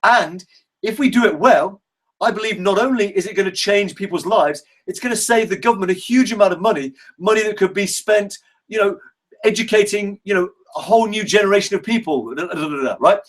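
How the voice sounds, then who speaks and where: A man's voice: high voice, a little fast. A man coaching a workshop group in a casual, enthusiastic way, swearing freely and acting out example conversations.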